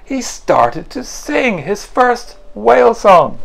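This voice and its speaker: An author reads his picture book aloud to children, animated and playful, swooping through a wide range of pitch. He reads at a slow pace with a gravelly texture. Soft music plays faintly behind him. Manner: animated and playful, adds sound effects. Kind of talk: children's storybook reading.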